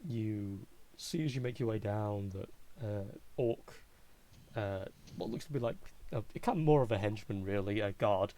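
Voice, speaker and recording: A man narrating as game master of a tabletop game, halting and full of fillers. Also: on the low side, mellow.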